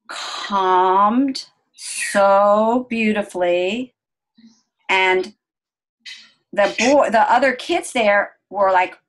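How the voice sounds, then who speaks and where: A middle-aged woman telling an interviewer a personal family story in an earnest, gentle way, slowing down at the calm moments. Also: fairly high pitch, rough recording. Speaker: interview guest.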